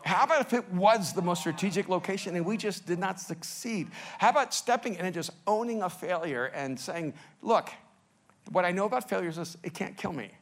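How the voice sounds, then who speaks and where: Middle-aged pastor guy preaching, lively storytelling, gets loud then real quiet, kinda high voice. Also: brisk. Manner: animated, laughs at himself, swings between loud and hushed. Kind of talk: preaching sermon with stories.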